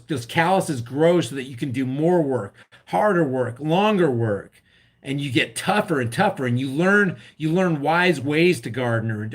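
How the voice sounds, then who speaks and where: A middle-aged man vlogging, ranting with passion in political commentary and reading out viewer comments on a live stream. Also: mid-range voice. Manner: impassioned ranting, acts out scared voices. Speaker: political vlogger reacting to a clip.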